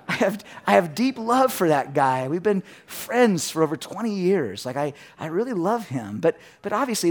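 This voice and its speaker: A middle-aged pastor preaching to his congregation in a fairly high voice for a man. He tells animated stories from home and acts out the voices of his family as he goes. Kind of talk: sermon with personal stories.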